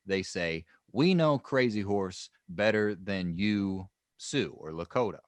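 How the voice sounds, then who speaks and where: A man's voice: low-pitched, animated, slow pace, no echo. A man co-hosting a history podcast, telling the story in a loose, joking way with many restarts. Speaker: podcast co-host. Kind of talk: casual history podcast chat.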